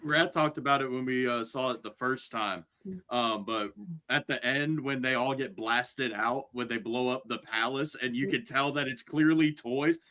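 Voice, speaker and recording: A man's voice: medium pitch, normal speed, pushed and bright. A young man in a casual podcast chat, enthusiastic and calling his friends bro and dude.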